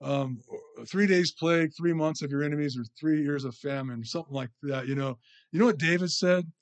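A man delivers a sermon in a loose, conversational way, speaking a touch higher than most men. He keeps checking in with his listeners with little asides and quick questions as he teaches. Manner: chatty, with frequent "you know" and "right?" check-ins. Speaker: preacher.

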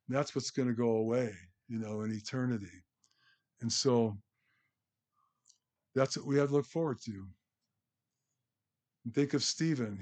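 A man preaching to his congregation in a loose, conversational style, slowing and lifting his voice when he reads scripture aloud. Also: medium pitch. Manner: conversational, loose, with restarts and fillers; slows and lifts his voice while reading scripture aloud. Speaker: pastor. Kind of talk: sermon.

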